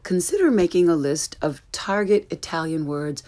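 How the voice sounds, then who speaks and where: A woman's voice: low voice, lively intonation, normal speed, warm tone. A woman teaching a pronunciation lesson, carefully contrasting wrong and correct forms of each word. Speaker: language teacher.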